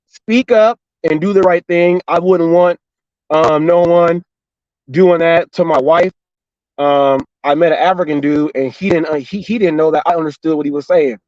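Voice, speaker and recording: High-voiced man telling a story animatedly. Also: dry recording, muffled recording. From Los Angeles and Orange County, California. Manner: animated, repetitive retelling with quoted dialogue. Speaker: gig delivery driver and show host. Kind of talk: casual storytelling monologue.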